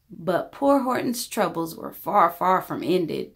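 Expressive woman reading a children's story. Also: lowish voice, slow, creaky. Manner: expressive rhyming narration. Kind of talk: children's story read-aloud.

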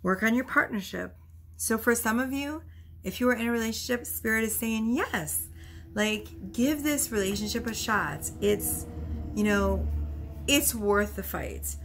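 A woman with a gravelly, creaky voice giving a casual tarot reading at home. She talks in a chatty, loose way, laughs often, swears freely and sounds a little out of breath. Faint noise sits behind her. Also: on the high side, unhurried, a bit bright. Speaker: tarot reader.

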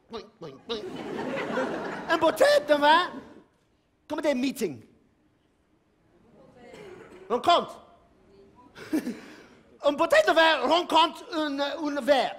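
A man doing manic stand-up on stage, shouting, stammering and cackling as he mixes broken French into his English. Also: very high voice, a little hiss or hum. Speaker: stand-up comedian. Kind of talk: manic clowning stage comedy. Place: theater stage before a live audience. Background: audience laughter.

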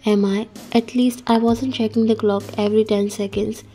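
A woman's voice: fairly high pitch, flat delivery, moderate pace, warm tone, natural voice. A woman reading the part of a playful, mischievous male friend and co-worker in a read-aloud story. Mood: teasing. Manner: joking, mischievous. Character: teasing playful male best friend and employee.

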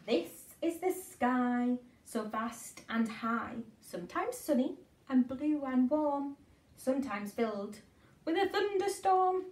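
Slow, sing-song woman reading a picture book. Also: high-pitched, a little mellow, far from the mic. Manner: sing-song, with playful asides. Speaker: children's storyteller. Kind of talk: reading a picture book aloud to small children. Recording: echoey room, away from mic.

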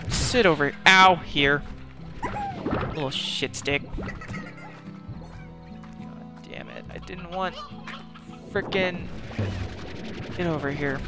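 High-voiced, slow-talking man muttering curses. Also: music in the background. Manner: frustrated, swearing, muttering to himself; panicked, shouting. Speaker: gaming streamer. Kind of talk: live gameplay commentary.

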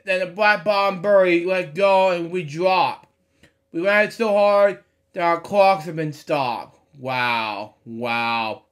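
A man reading a children's storybook aloud at home, stumbling over words and breaking off into blunt, irreverent asides. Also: sits high. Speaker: storybook reader. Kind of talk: casual read-aloud with commentary. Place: home at night.

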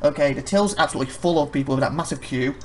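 A man rambling through casual gameplay commentary, chatty and quick to laugh. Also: on the high side, darkish tone, a little hiss or hum. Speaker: let's play host.

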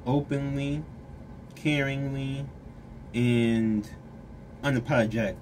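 Casual tarot reader, mid-pitched, loose and rambly, talking frankly to camera. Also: steady tone, measured pace, darkish tone, a little hiss or hum. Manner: rambling, filler-heavy talk; frank and direct toward the viewer.

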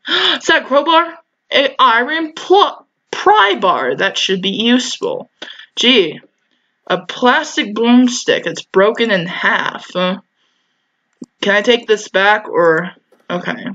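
A woman's voice: fairly high pitch, sharp tone, dull audio. A young woman playing a horror game, chatting, talking back to the game and shrieking and swearing at the scares. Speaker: gaming YouTuber. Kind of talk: let's play commentary.

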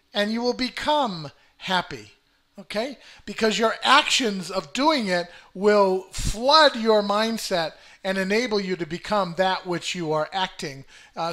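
This older man's voice sits high as he hosts a laid-back motivational video to camera. As a self-help host, he fills his speech with fillers and repeated words, alternating peppy moments with deliberately flat ones.

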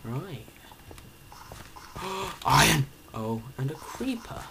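A man narrates his game in an unhurried way, with a pitch that swings widely up and down. He pleads with and taunts the monsters on screen and now and then drops to a whisper. The home recording carries a clear layer of noise and clicks. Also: expressive. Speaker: let's play gamer. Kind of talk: video game commentary.

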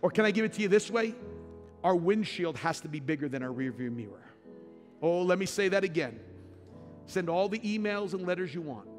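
A male pastor preaches with a fairly high voice, dropping to quiet asides and then climbing to shouted high points. His voice rings through a large reverberant sanctuary. Soft instrumental music plays faintly behind him. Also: expressive, a little fast. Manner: emphatic, swings from quiet asides to loud shouted peaks. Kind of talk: sermon.

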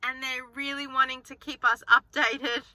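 A woman in her forties rambles cheerfully to her vlog viewers while sitting in her car, filming on a handheld phone. Her voice is very bright and sharp, and the sound is dry and close. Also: high-pitched, flat delivery, moderate pace, no room sound. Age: 40s. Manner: chatty, rambling, upbeat. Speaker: frugal-living vlogger. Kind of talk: casual chatty vlog. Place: inside a car.

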